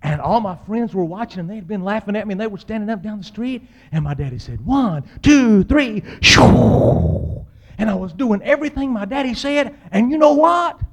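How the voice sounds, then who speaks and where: A man telling a humorous personal story, acting out the people in it and yelling out the exciting parts. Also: high voice, fast talker, few pauses. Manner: animated, acts out voices and yells.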